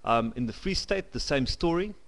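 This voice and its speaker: A man's voice: mid-range voice, lively intonation. Blunt South African man ranting. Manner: blunt, opinionated, halting delivery. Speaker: vlogger. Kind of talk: casual to-camera monologue. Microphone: home camcorder.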